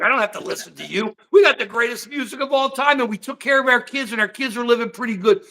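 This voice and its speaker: Animated high-voiced older man ranting. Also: brisk, creaky. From United States. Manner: animated, rambling, addresses chat by name. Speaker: political livestream host. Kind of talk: heated political talk with chat.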